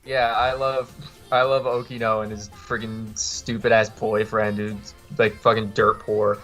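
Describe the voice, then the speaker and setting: Man, podcast guest, casual chat, low pitch, bright tone, blunt, swears a lot. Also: flat delivery, unhurried, faint music behind. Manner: blunt, swears freely, laughs often.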